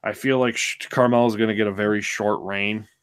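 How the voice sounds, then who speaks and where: A man's voice: lowish voice, steady tone, brisk, clean tone. A man co-hosting a podcast in casual chat, laid-back and wry, hesitating with many ums. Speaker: podcast co-host.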